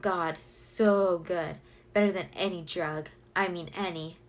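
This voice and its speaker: A woman's voice: on the low side, steady tone, slow pace. Woman doing a teasing young Englishman. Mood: delighted. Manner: playful, exaggerated delight.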